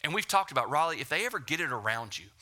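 A pastor in his thirties preaches in a relaxed, chatty way, full of likes and asides. His voice is very bright and sits a little high for a man, and he tells family stories with quick shifts between loud bursts and near-whispers. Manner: conversational, animated storytelling with acted quotes and hushed whispers. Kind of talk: sermon with personal stories.

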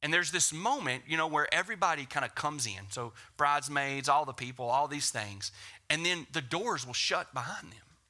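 Male pastor, 30s, bright and slightly high voice, casual storytelling sermon. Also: moderate pace. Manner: conversational, animated storytelling with acted quotes and hushed whispers. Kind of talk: sermon with personal stories.

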